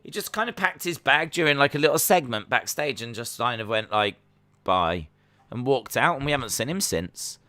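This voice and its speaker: A man's voice: medium pitch, expressive, a little fast, hardly any pauses, pushed and bright. A man chatting his way through a live watch-along. He talks in a jokey, rambling way. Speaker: streamer reacting to wrestling.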